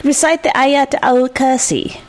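A woman's voice: sits high, steady tone, measured pace, pitched above the performer's own voice. A woman voicing a secretive noblewoman who answers curtly from her bed. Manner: curt, dismissive.

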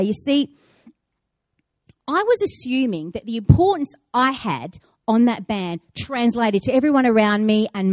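Lively woman preaching. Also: fairly high pitch, no echo, studio quality. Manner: chatty, playful storytelling with acted-out asides. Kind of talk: conversational sermon.

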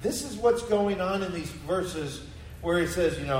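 A man's voice: high voice, expressive, a little slow, darkish tone, reverberant, distant mic, a little hiss or hum, rough recording. A man preaching a sermon to his congregation, emphatic and full of rhetorical questions. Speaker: pastor. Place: church sanctuary.

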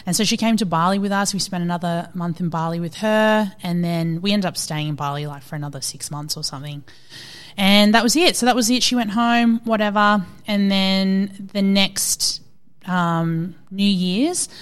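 An Australian woman in her thirties, a fitness coach telling stories in a casual interview, animated and quick to quote people. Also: fairly low pitch, clean tone.

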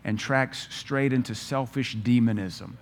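A man preaching a sermon, firing off rhetorical questions and telling stories with lively energy. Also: medium pitch, a little slow. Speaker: pastor.

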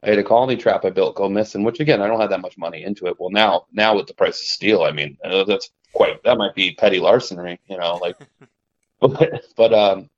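A young man with a lowish voice tells his trapping stories in a loose, rambling way, stopping and restarting mid-thought and chuckling at his own tales. The recording sounds dull and lo-fi. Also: a little mellow. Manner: rambling, self-interrupting, laughs at own stories. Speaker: guest, trapper. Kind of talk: casual storytelling in conversation.

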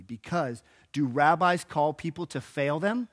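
Guy preaching a sermon, jokey and casual, acts out the story, voice up high and swinging around a lot. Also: measured pace, few pauses. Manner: animated storytelling, acting out quotes; casual and joking. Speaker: pastor. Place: church.

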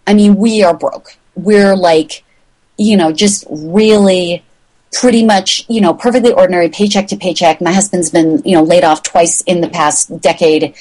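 A woman's voice: fairly even intonation, normal speed, a little mellow, low-quality recording. A middle-aged woman telling a rambling story in an interview and acting out the voices of the people in it. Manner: chatty, rambling, acts out quoted voices with big pitch jumps. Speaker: magazine founder, guest.

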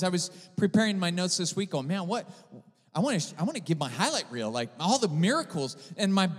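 A male pastor preaching a sermon, impassioned at times and quiet and storytelling at others. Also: high-pitched, sing-song, a little fast, breathy edge. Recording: long hall reverb.

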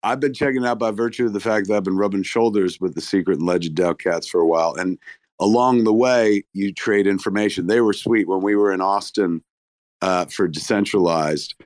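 A man's voice: low-pitched, a little fast, a little mellow, no echo. A man chatting casually as a guest on a live online audio room, effusive and profane, talking in bursts with restarts. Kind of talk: casual chat.

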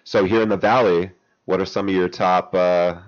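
A man's voice: deep voice, fairly even intonation, normal speed. A man hosting a casual podcast interview, asking guests questions in an easygoing way. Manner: easygoing, asks questions, laughs along. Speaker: podcast host. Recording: dull lo-fi podcast audio.

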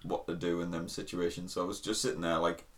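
A man's voice: sits low, flat delivery, fast talker. A man, co-hosting a casual podcast and telling wry anecdotes, swearing casually. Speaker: podcast co-host. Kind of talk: casual comedic storytelling.

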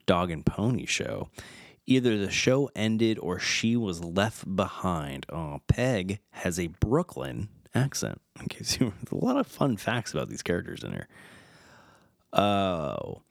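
A man's voice: sits low, big pitch swings, takes it slowly, vocal fry, no room sound, studio quality. A man hosting a casual film retrospective, reading trivia aloud and stumbling over names. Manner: reads fun facts aloud, stumbles over names and chuckles. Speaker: podcast host.

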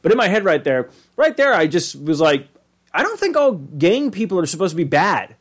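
A man's voice: high-pitched, big pitch swings, husky. A man co-hosting a podcast in rambling casual chat, reacting and riffing. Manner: rambling, chatty, reacts with quick interjections. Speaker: podcast co-host.

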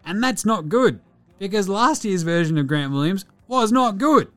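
A man's voice: high voice, moderate pace, soft background music. Blunt Australian man talking sport. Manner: blunt, excitable, swears freely. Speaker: podcast host. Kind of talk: casual sports podcast chat.

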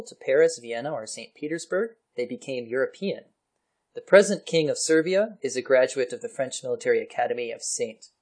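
A man casually explaining history on a podcast, chatty and quick to laugh. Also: medium pitch, darkish tone. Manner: chatty, laughs often, slips into playful voices for historical figures.

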